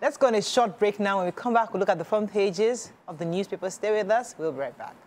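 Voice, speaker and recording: Female TV co-host, measured headline reading. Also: medium pitch, darkish tone, slight background noise. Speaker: morning show co-host. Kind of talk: breakfast TV chat and paper review.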